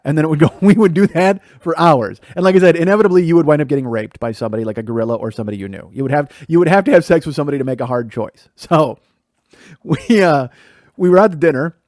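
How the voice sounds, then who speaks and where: A man's voice: a little high, fast talker, darkish tone, no room sound, clean studio sound. A middle-aged man from the Chicago area, hosting a podcast and telling profane stories about his childhood, laughing as he goes. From Chicago area, USA. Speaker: podcast host. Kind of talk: storytelling monologue.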